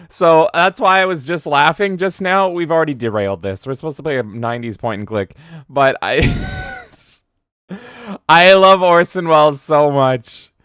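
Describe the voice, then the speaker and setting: A man from Canada who hosts a game stream, chatting casually in a profane, excitable, rambling way. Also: fairly high pitch, smooth, dry recording, clean studio sound. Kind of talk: casual livestream chat.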